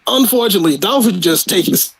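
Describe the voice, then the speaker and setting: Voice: medium pitch, expressive, quick pace, creaky, background noise. A co-host of a casual wrestling podcast who jokes and mocks catchphrases with impressions. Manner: joking, mocking impressions of catchphrases. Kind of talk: casual wrestling recap chat.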